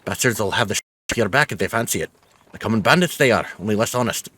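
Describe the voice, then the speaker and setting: Man doing a folksy old peddler, chatty, rough homespun drawl, swoopy lively voice, game character. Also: medium pitch, quick pace, natural voice. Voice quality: folksy drawl, calls people lass.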